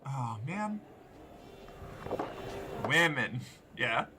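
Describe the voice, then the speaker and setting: A man giving casual gaming commentary, joking and swearing as he reacts loudly to the game. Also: mid-range voice, sing-song, extremely slow, background noise. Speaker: streamer.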